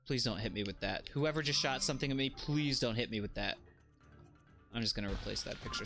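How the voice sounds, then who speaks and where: A man streaming a game while chatting casually, often yelping and shouting at what happens on screen. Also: medium pitch, fast talker. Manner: animated, yelps and shouts at the game. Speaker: streamer and schoolteacher. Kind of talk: casual live gameplay commentary. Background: game music.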